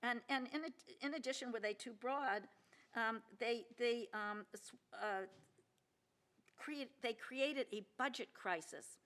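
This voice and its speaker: A woman's voice: on the high side, a little slow, a bit bright. An older woman giving a conference keynote speech, earnest and emphatic, with many restarts and fillers and questions to the audience. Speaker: keynote speaker, federal judge. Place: lecture hall at a law symposium.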